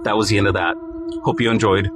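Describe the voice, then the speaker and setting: A man earnestly retelling his own creepy experience in a halting, first-person storytime. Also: on the low side, fairly even intonation, noisy background. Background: clear background music.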